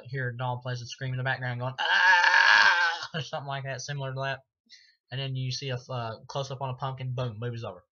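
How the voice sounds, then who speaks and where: A man's voice: medium pitch, fairly bright tone. A man giving a casual spoken movie review, rambling and swearing with lots of filler words. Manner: rambling, profane, full of fillers. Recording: dull lo-fi recording.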